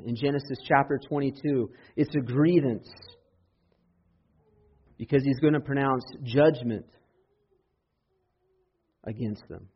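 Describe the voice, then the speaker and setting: A man preaching a Sunday sermon as pastor, building to loud, impassioned emphasis when he quotes scripture. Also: medium pitch, unhurried, pauses often, breathy edge. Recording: dull lo-fi sermon audio.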